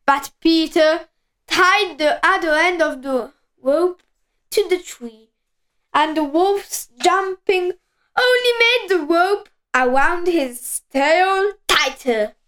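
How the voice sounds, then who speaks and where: A woman reading a children's story aloud, slowly and expressively, with dramatic pauses. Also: very high voice, fairly bright tone, low-quality recording.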